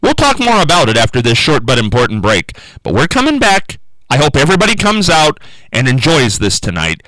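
A man's voice: medium pitch, wildly swooping pitch, a little fast, pushed and bright, no room sound, poor audio. A man hosting a radio talk show, chatting in a folksy way and repeating phrases for emphasis from the studio.

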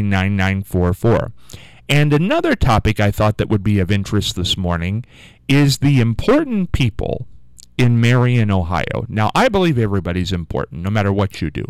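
A man's voice: fairly low pitch, darkish tone, smooth, dry recording. A man hosting a local call-in radio show, rambling in a folksy way with many fillers and restarts. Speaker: radio talk show host. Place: radio studio. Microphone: studio microphone.

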